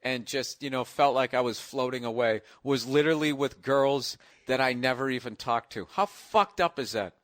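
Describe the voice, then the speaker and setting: A man co-hosting a podcast, telling stories in a casual, animated, profane way. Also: mid-range voice, normal speed, few pauses, no room sound, clean studio sound. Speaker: podcast co-host. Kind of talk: casual chat.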